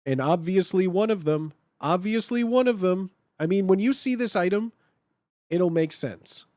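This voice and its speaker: A man's voice: sits high, animated, moderate pace, a little mellow, no echo. A man chatting casually on a live stream while he edits slides, thinking aloud and repeating his phrases.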